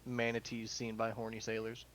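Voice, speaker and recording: A man in a casual podcast chat, blunt and crude with a deadpan edge. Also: lowish voice, moderate pace, crowd noise, low-quality recording.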